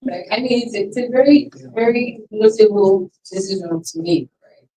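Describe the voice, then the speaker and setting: A woman's voice: mid-range voice, moderate pace, far from the mic, a crowd in the background, poor audio. A woman hosting an icebreaker game with an audience, chatty and laughing often, restarting her sentences. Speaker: event host.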